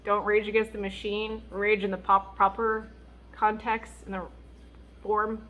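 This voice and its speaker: A woman speaking as a Christian mom vlogger, giving candid, faith-based advice in a chatty, expressive way, often laughing and acting out what people said. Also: mid-range voice, measured pace.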